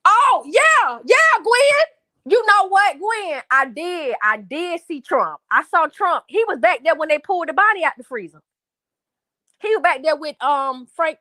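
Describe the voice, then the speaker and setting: A woman's voice: a little high, fairly bright tone, no room sound, studio quality. A woman hosting a livestream, venting angrily to her viewers in a profane, repetitive rant. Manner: angry, profane, repetitive, addresses chat as y'all. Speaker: livestream host.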